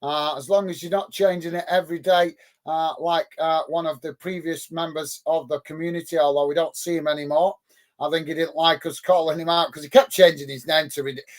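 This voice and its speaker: Brisk and steady in tone, his voice sits a little high. He's running a live football watch-along on a close headset mic, upbeat as he commentates on the match and reads out chat, thanking viewers by name.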